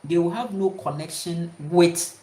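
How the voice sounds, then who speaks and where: A woman's voice: on the low side, a little slow, warm tone. A woman giving an emphatic, repetitive spiritual talk to her viewers. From Ghana. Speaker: spiritual speaker. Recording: roomy echo.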